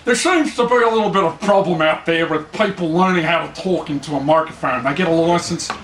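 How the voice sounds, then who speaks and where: A man's voice: fairly high pitch, fairly quick, a bit bright, echoey room, a little hiss or hum. An Australian man giving a sarcastic, mocking comedy lecture as a mock instructor.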